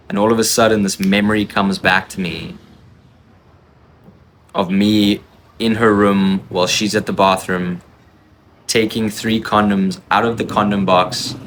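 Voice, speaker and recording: Man, low voice, confessional storytelling, emotional, intense, halting restarts, faint background noise. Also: fairly bright tone.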